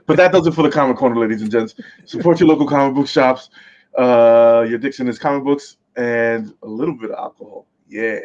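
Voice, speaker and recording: A man's voice: mid-range voice, brisk, a little mellow. Man, podcast co-host, casual, stumbles on names, muffled lo-fi sound. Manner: stumbles over names, laughs often. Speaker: podcast co-host presenting comics segment. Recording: slightly muffled lo-fi mic.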